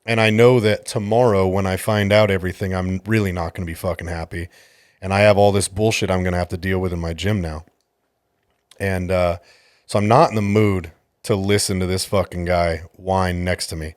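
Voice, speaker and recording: A man's voice: sits low, steady tone, fairly quick, no room sound, clean studio sound. A man hosting a podcast, a jiu-jitsu coach telling a story in a casual, exasperated and profane way.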